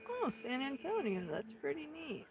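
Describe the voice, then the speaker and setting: A woman in her thirties from Central California, a livestream host chatting calmly with her viewers and answering their comments one by one. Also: high voice, a crowd in the background, rough recording. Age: 30s. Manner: calm, unhurried, answering chat comments one by one. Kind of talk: casual chat with livestream viewers.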